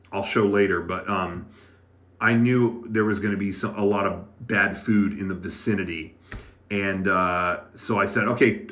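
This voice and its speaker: On the low side and a bit bright, this male voice belongs to a livestream host broadcasting casually from an editing room. He rambles and chats with the live chat, piling on fillers and starting over often.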